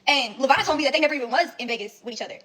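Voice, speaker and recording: A woman's voice: high voice, very fast, a bit bright, poor audio. A young woman telling a rambling, blunt story full of swearing and fillers. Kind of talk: casual storytelling recap.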